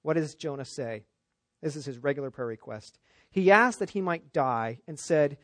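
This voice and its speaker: A male pastor delivers an emphatic expository sermon, his fairly high voice pushing up on key points and sinking low for quiet asides. The sound is dry and close. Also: animated, brisk, no echo. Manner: emphatic, rising for stress, dropping low for asides.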